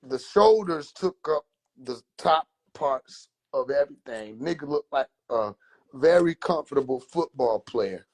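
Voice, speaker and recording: A man telling a comedic story on a phone livestream in an animated, drawn-out way. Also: medium pitch, husky. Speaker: livestream host.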